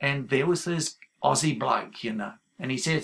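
Gravelly New preacher telling a story. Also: male voice, medium pitch, normal speed, few pauses, fairly bright tone. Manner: conversational storytelling, many fillers. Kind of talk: sermon.

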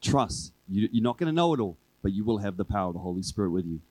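A man preaching a sermon to his church in a relaxed, conversational way, driving his points home with repeated refrains. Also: lowish voice, quick pace, slightly rough, no room sound, rough recording. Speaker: pastor. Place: church service with a congregation.

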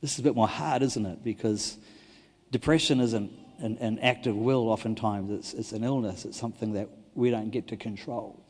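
A man, a pastor preaching a sermon, telling stories and swinging between loud and hushed delivery. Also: lowish voice, moderate pace, breathy edge. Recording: long hall reverb.

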